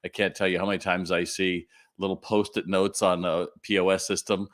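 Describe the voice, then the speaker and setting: A middle-aged man from California hosting a live retail Q&A stream, talking in an animated way and often asking viewers to respond. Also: low-pitched. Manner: animated, quick asides and audience calls to respond.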